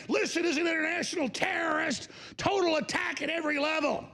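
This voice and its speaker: A male talk show host delivering an angry, profane broadcast tirade, shouting often. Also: very high-pitched, vocal fry. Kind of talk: ranting broadcast monologue.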